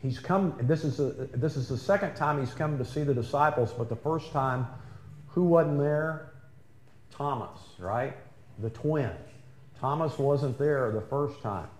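A man's voice: mid-range voice, a little slow, a little mellow, slight background noise. A man preaching a sermon in a conversational way, often asking the congregation questions. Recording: echoey room with faint ambience.

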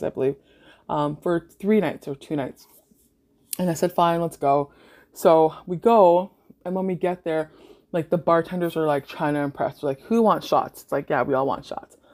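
Young canadian woman podcasting, kinda low voice, swears a lot, says like constantly, laughs a bunch. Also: a little mellow. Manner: swears freely, laughs often, fillers like "like". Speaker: podcast host. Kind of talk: casual storytelling monologue.

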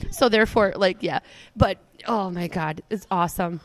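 A radio show co-host chatting casually on air, with quick reactions and teasing asides. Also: mid-range voice, a bit bright.

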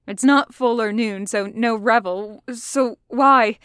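A brash young man , read by a woman, who barks short, forceful commands. The sound is dry and close, with no room around it. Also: on the high side, slow, clear, resonant tone, dry recording. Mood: wary. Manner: snappish, forceful orders.

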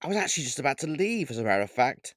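A man's voice: mid-range voice, very animated, rapid-fire, dry recording. A jittery woman werewolf from an audiobook, as a man puts her on, stumbling over her words and repeating herself. She talks in a lightly raised voice, recorded close and dry. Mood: nervous. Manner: hesitant, stammering. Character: nervous woman werewolf, a teacher and mother. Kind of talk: audiobook character voice.

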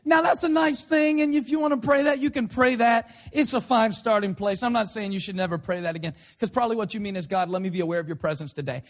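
A man's voice: very high-pitched, quick pace, few pauses. A man preaching a sermon in a conversational, sarcastic way, teasing everyday prayer habits. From United States. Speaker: pastor.

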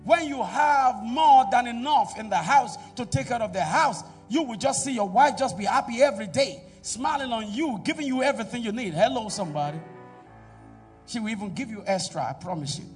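High-voiced pastor preaching. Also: male voice, lively intonation, fairly quick, recorded from a distance, faint music behind. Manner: preaching with call-and-response to the congregation; swings between loud exhortation and quiet asides. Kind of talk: sermon. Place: church.

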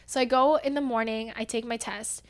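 At a moderate pace, a young woman with a fairly high voice tells a personal story in a casual, chatty manner. She's animated, frequently swelling into loud, emotional passages as she relives the tense parts.

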